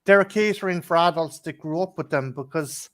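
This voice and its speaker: A man's voice: fairly high pitch, moderate pace, fairly bright tone. An Irish man co-hosting a casual chat show. He rambles, swears freely and laughs in the middle of his sentences. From Ireland. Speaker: co-host.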